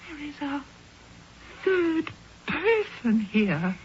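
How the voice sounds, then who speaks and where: An actress playing a timid spinster cousin in a radio drama, breathless and pleading, on a dull old broadcast with faint hiss. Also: female voice, sits high, very animated, very slow, full character voice. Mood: frightened. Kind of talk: 1970s radio drama acting.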